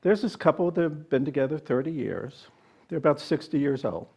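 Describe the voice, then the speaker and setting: At a spiritual center service with a live audience, a male minister delivers a sermon mixing jokes and readings, telling stories playfully before growing reflective as he teaches. His voice is fairly high, creaky and slightly rough, with a darkish tone, lively intonation and a fairly quick pace.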